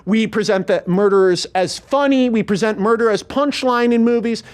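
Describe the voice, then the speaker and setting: A podcast host and screenwriter chatting casually, pitching a movie in an animated, swearing rush. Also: male voice, clean tone. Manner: rapid, animated, swears freely.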